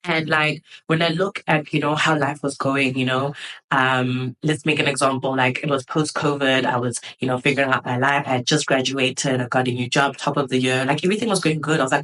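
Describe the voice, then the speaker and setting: A woman's voice: extremely low pitch, steady tone, a little fast, fairly bright tone, poor audio. A woman in her twenties hosting a podcast, talking candidly and reflectively in a conversational way, with plenty of fillers. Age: 20s. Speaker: podcast host.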